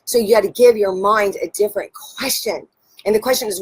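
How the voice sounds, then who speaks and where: A woman coach giving a motivational live talk, telling stories with lots of "right?" check-ins and an excited, casual manner. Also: mid-range voice, fairly quick, slightly rough. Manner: animated storytelling with frequent "right?" check-ins; enthusiastic, occasional swearing. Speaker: life and business coach.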